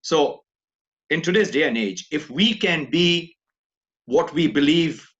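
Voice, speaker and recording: A man in a casual group video call, speaking in a measured way with formal wording. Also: on the high side, a bit bright, highs cut off. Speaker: discussion participant.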